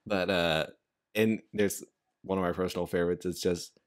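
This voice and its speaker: A man's voice: sits low, fairly even intonation, moderate pace. A man hosting a casual podcast chat, rambling along with frequent laughs and fillers. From United States. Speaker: podcast host.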